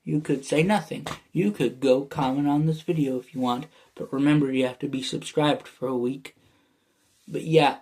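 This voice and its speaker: A man's voice: medium pitch, fairly even intonation, moderate pace. A young man from Michigan with a Michigan accent, rambling casually to his vlog viewers with many fillers. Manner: meandering, full of fillers and restarts. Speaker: YouTuber.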